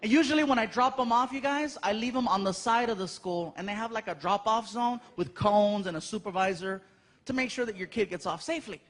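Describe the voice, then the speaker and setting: Animated high-voiced male comedian. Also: fairly quick. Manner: animated storytelling, acts out voices. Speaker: stand-up comedian. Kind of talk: stand-up routine. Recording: live stage mic with audience noise.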